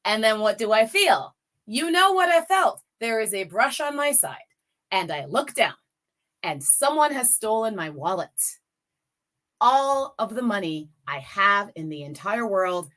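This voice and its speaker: A woman's voice: on the high side, pushed and bright. A woman in her forties, a guest speaker on a campaign call, telling a personal story with emotion and rallying her listeners directly. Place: lives in the US Midwest.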